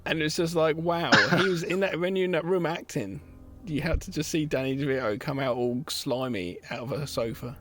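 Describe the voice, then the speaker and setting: A man's voice: a little high, steady tone, a little fast, faint music behind. A man co-hosting a casual podcast, chatty and jumping in with jokes and teasing asides. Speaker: podcast co-host. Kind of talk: casual film review chat.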